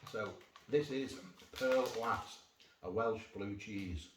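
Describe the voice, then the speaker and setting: Speaking slowly in a lowish voice, the man rambles through his casual cheese-tasting vlog and tosses in jokey asides. The audio comes from a distant phone mic with no external microphone, sounding roomy with faint noise.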